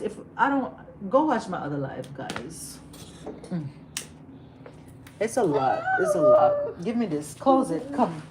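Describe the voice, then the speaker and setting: Heated, profane woman ranting on a livestream. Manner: heated, profane, repeats herself for emphasis; swings from loud outbursts to low, muttered asides. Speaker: livestream host. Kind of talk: emotional livestream rant. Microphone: phone or webcam on a livestream. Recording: steady background noise.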